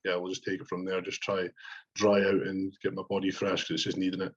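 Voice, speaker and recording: A young Scottish man with a husky, fairly low voice chats on a podcast. He rambles, swears freely and bursts into quoting himself. The sound is dull and lo-fi. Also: monotone, quick pace. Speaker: podcast co-host, bodybuilder. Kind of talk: casual chat.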